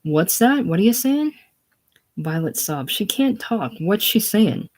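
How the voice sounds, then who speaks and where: A reader doing a brash, combative middle-aged woman from a casual play reading, loud and scornful. She mocks and jeers at everyone around her. The pitch sits in a middling range. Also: very animated, unhurried.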